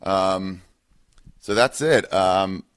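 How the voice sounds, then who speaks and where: A man's voice: sits low, drawn-out words, clean tone. A man hosting his podcast, rambling through a casual intro with many ums and uhs. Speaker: podcast host.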